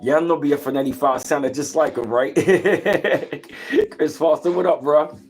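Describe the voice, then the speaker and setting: A man's voice: a little high, a little slow, faint music behind. A man hosting a livestream. He gives a casual, preachy motivational talk, greets his chat and repeats his points. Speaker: livestream host.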